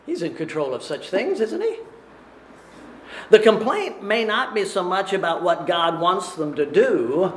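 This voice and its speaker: A man preaching a sermon in a measured, deliberate way, often asking rhetorical questions. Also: high-pitched, big pitch swings, fairly bright tone, roomy sound, slight background noise.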